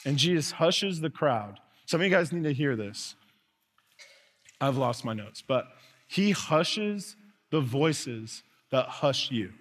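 A male pastor preaching from the front of a church, his voice sitting in a middle register. He talks earnestly, slowing down and going quiet, then lifting to loud calls. A long hall reverb trails after every line. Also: mid-range voice, animated. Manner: earnest preaching, swings between soft and loud. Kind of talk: sermon. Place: church sanctuary.

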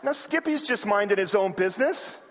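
A man's voice: high-pitched, moderate pace, slight background noise. A man preaching a sermon, telling a story and acting out its characters. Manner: animated, acts out quoted characters with raised voice. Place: large hall or sanctuary. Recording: reverberant church hall.

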